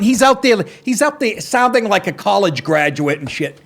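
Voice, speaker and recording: Sarcastic high-pitched ranting male host. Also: animated, normal speed, creaky, few pauses, a bit bright. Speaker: talk show host. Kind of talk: profane political commentary over clips.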